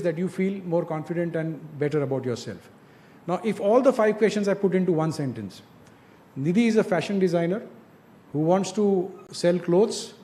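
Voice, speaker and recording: Guy mentoring students, kinda high pitched, warm-ish tone, straight to the point. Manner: direct, coaching, asks rhetorical questions. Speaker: industry speaker mentoring students. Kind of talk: informal advice talk to students.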